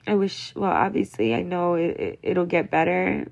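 A woman's voice: fairly low pitch, lively intonation, normal speed, creaky, a little mellow. A young woman talking to her viewers as a mother, venting in a casual, rambling, emotional way, full of "like" and "you know.". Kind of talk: casual confessional monologue.

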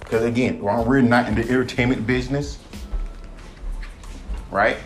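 A man hosts a solo podcast and rants in a loose, casual way. He is profane and emphatic, and he keeps slipping into mocking voices when he quotes other people. Faint music plays underneath him. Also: medium pitch. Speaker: podcast host.

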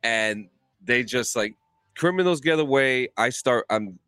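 A man in casual chat, telling a lively story full of swearing and acted-out voices. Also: mid-range voice, unhurried, clear, resonant tone, no echo. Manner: animated storyteller, swears a lot, acts out voices.

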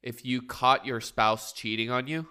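Slow, bright-voiced joking man. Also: medium pitch, clear, resonant tone. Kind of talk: casual sports talk.

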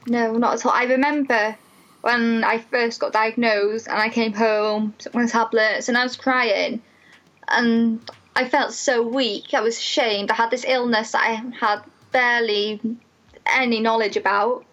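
A young woman, a student mental health nurse, telling a personal story in an animated, emotional way, full of "like" fillers. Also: fairly high pitch, a little slow, muffled recording.

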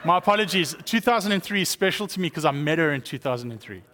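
A man's voice: a little high, animated, quick pace, fairly bright tone, slight background noise. A South African man in his thirties or forties, a guest speaker giving a chatty, joking testimony sermon with many fillers. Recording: long church hall reverb.

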